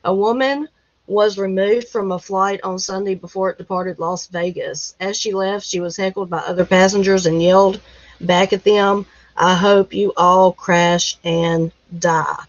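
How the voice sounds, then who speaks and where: A woman's voice: medium pitch, fairly even intonation, normal speed, no room sound, highs cut off. A woman hosting a casual livestream, reading news headlines aloud with lots of laughter and folksy exclamations. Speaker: livestream host. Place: rural home.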